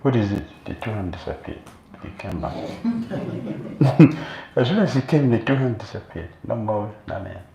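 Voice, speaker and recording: A man monk giving a sermon as an animated storyteller, recorded in a temple hall. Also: fairly low pitch, unhurried, gravelly. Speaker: monk preacher. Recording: echoey room, faint noise.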